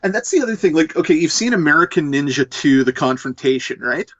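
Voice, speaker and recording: Animated, profane man on a lo-fi mic. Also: fairly high pitch, quick pace, no room sound. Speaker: podcast host. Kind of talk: casual movie commentary.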